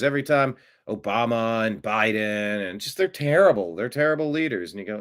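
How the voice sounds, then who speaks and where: A little fast, this US host riffs off the cuff on his one-man political commentary show. His delivery is sarcastic and animated, with pitch jumps marking his mocking asides.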